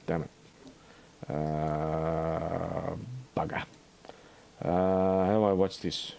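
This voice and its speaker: An Australian man hosting a livestream in a rambling, halting chat full of fillers and restarts. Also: low voice, level tone, vocal fry, warm tone, slight background noise. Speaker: livestream host.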